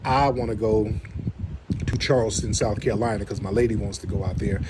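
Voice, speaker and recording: A man with kids hosting a live stream, chatting casually in an animated, slangy way and repeating himself. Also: on the low side, a little fast. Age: adult, has kids. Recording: noisy stream audio.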